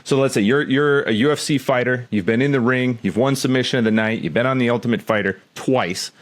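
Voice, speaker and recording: A man's voice: mid-range voice, brisk. A man in his forties co-hosting a podcast, chatting casually in an eager, rambling way and acting out hypotheticals. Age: 40s. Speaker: podcast co-host.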